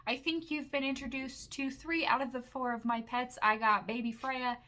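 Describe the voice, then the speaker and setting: Young woman makeup vlogger, excitable and rambling, bright voice pitched a touch high; casual home haul chat. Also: normal speed.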